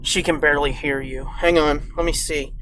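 A man's voice: a little high, moderate pace, rough recording. A man co-hosting a podcast, chatting casually and swearing a lot as he tells stories from a moving car. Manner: animated storyteller, swears a lot, acts out quoted voices. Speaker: podcast co-host. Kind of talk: casual chat streamed live from a car. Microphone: phone held in hand. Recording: phone in a car, road noise.

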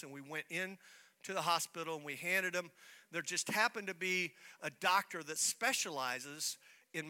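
A man preaching a sermon as pastor, telling a personal story in an animated way and acting out the dialogue. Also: on the high side, clear, resonant tone.

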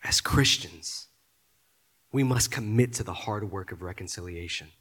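A man preaching a sermon, often repeating his words and building to loud, emphatic peaks. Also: sits low, moderate pace, slightly rough. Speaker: pastor.

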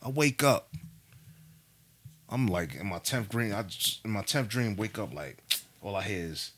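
A man telling a story in a casual chat, animated and profane, full of slang. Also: lowish voice, moderate pace, pauses often.

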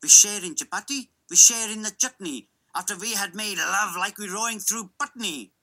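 A playful young newlywed shopkeeper, as a woman puts him on recites in a rhythmic, sing-song way. The voice is bright and sharp, and the pitch jumps around a lot. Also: heavily acted, low-quality recording. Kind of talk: dramatic poetry reading.

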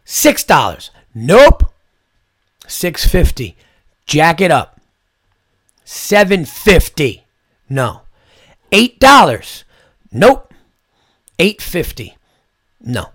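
A man's voice: a little high, big pitch swings, slow pace, long pauses, a bit bright. A man hosting his own podcast, ranting in a loose comedic monologue with speech, lots of swearing and acted-out quotes. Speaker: podcast host.

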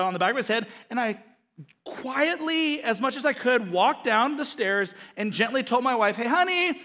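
A middle-aged pastor delivers a sermon in a high, bright, forceful voice with a long reverb tail. He tells family stories full of jokes and acts out the voices of the people he quotes.

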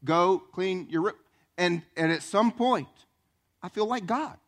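A man preaching a sermon as pastor, animated, acting out voices and questions. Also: high-pitched, measured pace. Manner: animated, acts out voices and questions, southern "y'all".

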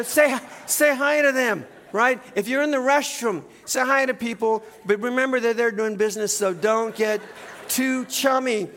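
A middle-aged male pastor preaching in a church, in a relaxed conversational way, often tagging "right?" onto his points. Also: sits high, in a large hall, a little hiss or hum. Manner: conversational, keeps adding "right?". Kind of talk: sermon. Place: church sanctuary.

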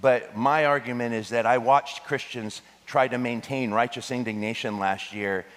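A man preaches to his congregation, animated and quick to break into jokes and laughter. His voice sits mid-range for a man. The sound carries a long reverb from a large hall. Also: medium pitch. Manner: animated, joking asides with laughter. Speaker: pastor. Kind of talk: sermon.

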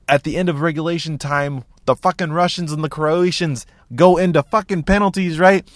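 A young man hosting a podcast, telling a comic story in a loud, profane, animated way, with sound effects like boom and bang. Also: moderate pace, dry recording. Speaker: podcast host. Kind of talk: casual comedic storytelling.

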